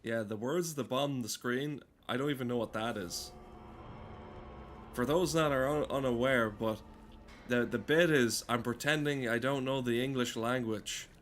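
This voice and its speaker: Male let's player: loose, profane, self-deprecating, halting with fillers. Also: medium pitch, slight background noise. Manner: rambling, crude, self-mocking, many fillers. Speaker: let's play gamer. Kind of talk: casual game commentary.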